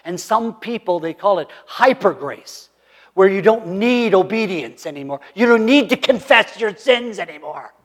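A man preaching a sermon, swinging between loud emphatic lines and hushed asides. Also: high-pitched, animated, normal speed. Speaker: pastor. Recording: long hall reverb.

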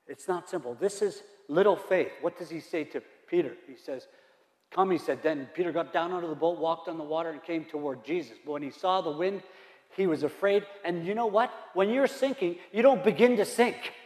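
A man's voice: fairly high pitch, fairly quick, a little mellow. A male pastor preaching a sermon, emphatic and repetitive, asking the room rhetorical questions. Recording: roomy hall reverb.

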